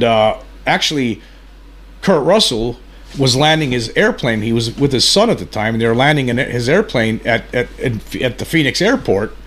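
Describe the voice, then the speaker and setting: Male host, average pitch, unscripted and halting, full of fillers. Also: a bit bright. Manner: halting, many fillers and restarts. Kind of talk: casual commentary on a video.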